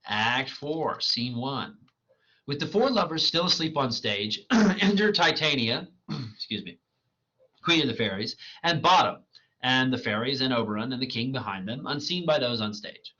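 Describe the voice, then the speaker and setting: A man's voice: mid-range voice, expressive, normal speed, sharp tone. A man giving a recorded literature lecture, with casual asides. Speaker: literature professor. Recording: lo-fi dull recording.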